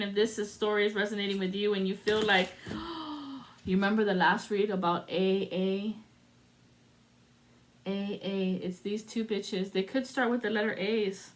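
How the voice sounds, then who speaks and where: A woman's voice: mid-range voice, slight background noise. A woman giving a solo spiritual card reading to camera, dramatic and sassy, with salty asides. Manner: dramatic and sassy, swearing and breaking into sung lines. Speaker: tarot reader.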